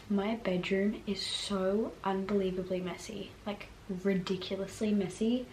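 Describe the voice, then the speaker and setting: A woman's voice: mid-range voice, steady tone, unhurried, a little mellow, a little hiss or hum, poor audio. A young woman vlogging in a casual, chatty way who says "like" constantly, filming herself handheld as she moves around. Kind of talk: casual vlog chat. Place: bedroom at home, then a furniture store. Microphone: camera on a tripod, then handheld.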